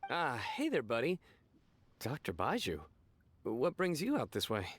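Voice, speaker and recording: A man's voice: mid-range voice, wildly swooping pitch, unhurried, a little hiss or hum. A man voicing a weary but friendly city guard in a video game. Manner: sighing, friendly.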